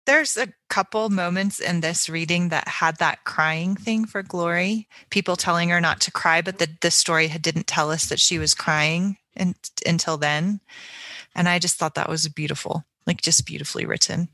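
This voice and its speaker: A woman's voice: fairly low pitch, fairly even intonation, normal speed, bright, forceful tone, no room sound. A woman reading a passage from a novel aloud in a book discussion, earnest and thoughtful. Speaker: book club member.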